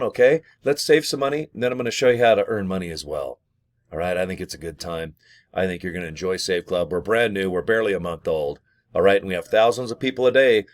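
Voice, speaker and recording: A man talking to camera in a jokey, rambling way while pitching an affiliate program from his small home studio. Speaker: vlogger promoting an affiliate program. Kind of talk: casual rambling sales talk to camera.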